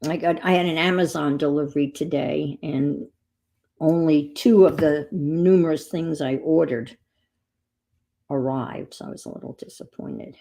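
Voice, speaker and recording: A woman's voice: low voice, unhurried, vocal fry, warm tone. A middle-aged woman chatting casually as she crafts on a stream, telling rambling stories. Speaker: crafting vlogger.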